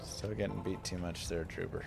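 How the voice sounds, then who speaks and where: A man in his thirties gives relaxed, step-by-step game commentary. His voice sits low with a gravelly edge. Game music plays clearly under his talk. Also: a little fast. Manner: relaxed, guiding viewers step by step. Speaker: game streamer. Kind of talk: casual gameplay commentary. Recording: game music playing behind.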